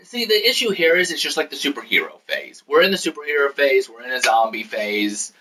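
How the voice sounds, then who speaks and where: A man's voice: medium pitch, very animated, a little fast, pushed and bright, recorded from a distance, a little hiss or hum, poor audio. A man hosting a casual chat, explaining at length in a rambling way. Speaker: host.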